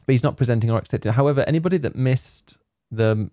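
A man's voice: medium pitch, fast, warm tone, dry recording, clean studio sound. A man co-hosting a casual chat show, rambling with lots of fillers and frequent laughter. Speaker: podcast co-host.

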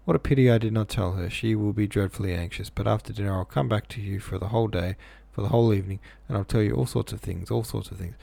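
A man's voice: fairly low pitch, quick pace, creaky, few pauses, mellow, dry recording. A man reading the lines of a defiant, proud teenage boy in a curt, cocky way. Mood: hurried.

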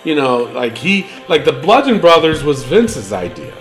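A man hosting a casual podcast with a high, lively voice that swoops around as he rants and swears freely. Faint music plays under the talk. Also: moderate pace. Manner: animated, rambling, swears freely. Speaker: podcast host. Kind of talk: casual wrestling chat.

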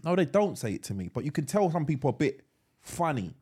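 Rambling man with a lively pitch. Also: fast talker, breathy edge. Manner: rambling with frequent restarts and slang. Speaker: podcast co-host. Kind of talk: casual chat.

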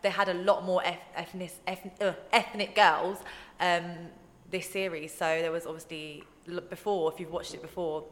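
A young woman with a lowish voice chats as a guest at a moderate pace, telling stories and voicing other people's words in lively tones. The casual conversation is recorded in a roomy space with long reverb.

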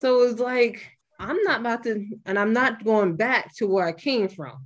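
Young woman host, fairly high voice, blunt, swears freely, casual podcast chat. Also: normal speed, dull audio. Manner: blunt and profane, animated retelling.

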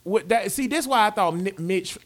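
A man's voice: sits high, lively intonation, a little fast. A man co-hosting a casual sports podcast, ranting in slangy talk with lots of rhetorical questions. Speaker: podcast co-host.

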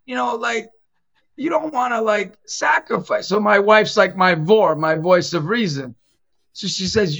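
A man's voice: high-pitched, lo-fi sound. A middle-aged man, a Catholic evangelist and youth basketball coach, telling stories in a casual chat and acting out the voices of the people in them. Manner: animated, acts out quoted voices in his stories. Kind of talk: casual storytelling in a podcast chat.

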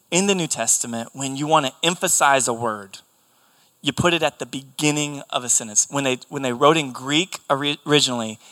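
Young male preacher, earnest and emphatic; bright, forceful tone. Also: on the high side. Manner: earnest, emphatic, repeats key phrases. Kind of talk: sermon.

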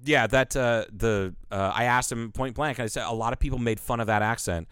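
A man's voice: mid-range voice, fairly quick, a bit bright, clean tone, no echo, studio quality. A man co-hosting a podcast, telling stories in casual chat, swearing freely and acting out quoted voices.

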